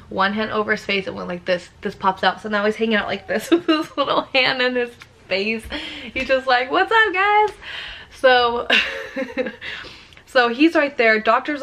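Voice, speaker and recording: A young adult woman vlogger telling a personal story in a casual, animated way, acting out what others said. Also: mid-range voice, a little hiss or hum. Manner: animated, acts out quotes.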